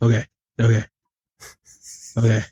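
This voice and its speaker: A man's voice: lowish voice, a little slow, slightly rough, no echo. A man chatting on a casual podcast over a remote line that sounds muffled and lo-fi. He reads with giggles and slips into a whooping surfer-bro voice. The sound is close and dry, with no room around it. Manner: laughs while reading, breaks into a loud excited surfer-bro voice. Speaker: regular co-host.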